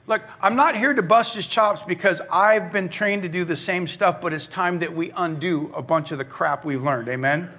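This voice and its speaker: A middle-aged male pastor preaching a sermon, telling stories in a conversational way that moves from animated to hushed. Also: high-pitched, normal speed, hardly any pauses.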